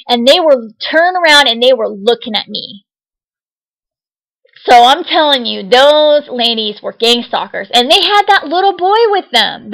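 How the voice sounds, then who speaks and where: A woman's voice: fairly high pitch, fairly bright tone, low-quality recording. A young woman vlogging casually to camera, agitated and insistent, repeating herself.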